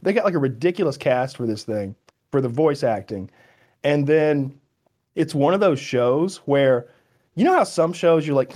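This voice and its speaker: A man co-hosting a podcast in casual chat, talking in an excitable, rambling way and swearing freely. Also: a little high, normal speed. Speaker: podcast co-host.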